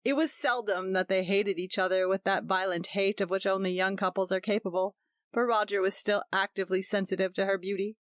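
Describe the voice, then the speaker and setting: A woman giving a measured, even scripted narration of a story. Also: medium pitch, no room sound, clean studio sound. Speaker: audiobook narrator.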